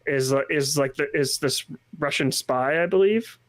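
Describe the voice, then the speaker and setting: A man co-hosting a film review podcast, talking casually and haltingly with many restarts. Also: on the high side, no room sound. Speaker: podcast co-host.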